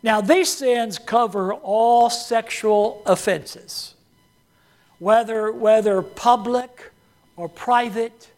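A preacher taking a slow, measured pace through a sermon, with a mid-range voice. Key phrases come round again and again for emphasis. The listeners are regularly asked to repeat lines and answer back. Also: mid-range voice, a little mellow.

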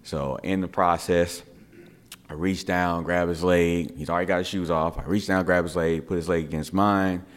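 A middle-aged man, a father, telling a family story in a casual, animated way and repeating words for effect. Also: low voice, moderate pace. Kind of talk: casual spoken anecdote.

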